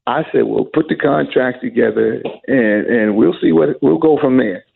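Middle-aged male singer, guest storyteller, very gravelly and husky, heard over a tinny phone line. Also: medium pitch, normal speed. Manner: lively storyteller who acts out quoted voices. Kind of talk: storytelling in an interview.

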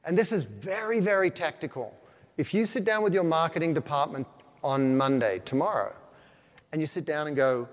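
Animated man speaking in a hall. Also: a little high, moderate pace. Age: older. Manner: animated, storytelling with quoted asides. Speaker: keynote speaker on marketing. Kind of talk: business talk to a live audience. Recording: long hall reverb.

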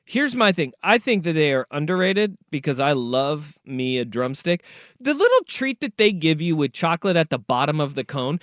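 Lively, animated man co-hosting radio. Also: on the high side, normal speed, no room sound, studio quality. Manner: lively, laughs easily, enthusiastic. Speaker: radio co-host. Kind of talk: casual sports radio chat.

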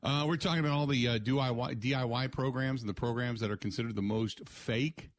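A male sports radio host, talking in loose, joking rants at an ordinary mid pitch. His voice is close and dry in the studio, with no room sound. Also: fairly even intonation, brisk, dry recording. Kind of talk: casual radio talk. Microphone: studio mic.

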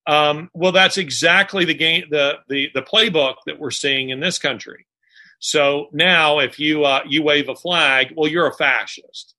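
A man, an author being interviewed, talking in a halting way with many pauses and restarts. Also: a little high, steady tone, bright, forceful tone. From Alabama, US. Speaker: author guest. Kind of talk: casual interview conversation.

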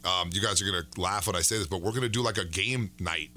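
A man co-hosting a fitness chat show, talking in a casual, joking way. His voice sits a little low but has a bright, forceful edge. He teases and rambles in quick bursts. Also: a little hiss or hum. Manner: joking, teasing, talks in quick run-on bursts. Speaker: fitness podcast co-host.

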